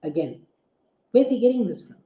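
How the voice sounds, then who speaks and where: A man, an Islamic scholar, delivering a forceful, indignant rebuttal full of rhetorical questions. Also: high-pitched, animated, fairly quick. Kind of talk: preaching rebuttal. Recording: tinny phone-like audio in an echoey room.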